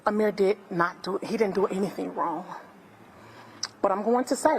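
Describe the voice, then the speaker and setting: A woman's voice: mid-range voice, moderate pace, slight background noise. A middle-aged woman with a Southern US accent, giving an impassioned public speech as a family friend. She talks emphatically and repeats phrases for effect. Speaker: family friend speaking at press conference. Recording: long hall reverb.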